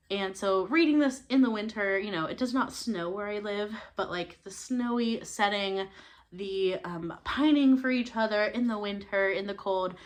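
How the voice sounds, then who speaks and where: Chatty young woman reviewing books. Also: mid-range voice. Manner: chatty, many fillers and laughs. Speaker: book channel host. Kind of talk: casual book review chat.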